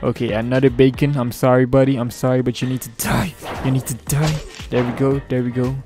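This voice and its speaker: A man's voice: mid-range voice, little pitch movement, a little fast, warm tone, soft background music. A man giving live gameplay commentary as a gaming YouTuber, with playful mock-villain trash talk and frequent laughs.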